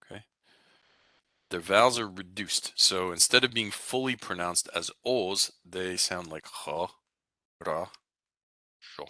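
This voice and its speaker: A man teaching a Russian language class in a relaxed, explanatory way, often checking in with "right?" and "okay?". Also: deep voice, a little slow, no echo. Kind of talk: recorded classroom lecture.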